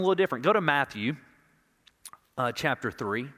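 A male pastor preaching an impassioned sermon, swinging from loud declarations to hushed, intimate moments and repeating words for emphasis. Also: medium pitch, animated, moderate pace. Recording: long reverb of a large hall.

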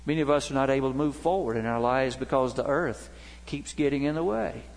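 Preaching in a church sanctuary, this middle-aged pastor tells stories with a voice that climbs and falls. His voice sits in the mid range, and he talks fairly quickly. A big hall's long reverb surrounds the recording.

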